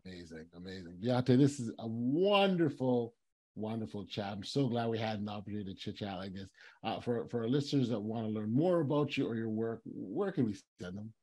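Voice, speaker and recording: A man with a somewhat low voice hosts a podcast interview. He talks in halting phrases full of restarts and filler words, and keeps an encouraging, supportive tone. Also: animated, a little mellow. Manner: halting, many restarts and "you know"s, encouraging. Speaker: podcast host. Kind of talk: conversational interview.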